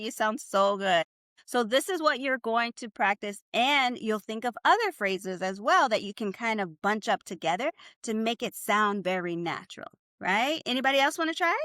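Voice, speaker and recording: A woman, a native Spanish speaker, leads a live online language class over a video call. Her voice sits a little high, and she coaches her students to repeat phrases with upbeat encouragement. The sound is close and dry. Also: expressive, a little slow, sharp tone, dry recording. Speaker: Spanish teacher.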